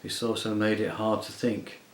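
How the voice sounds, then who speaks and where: A man narrating a storybook in a measured, expressive way. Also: lowish voice, roomy sound, poor audio. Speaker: audiobook reader.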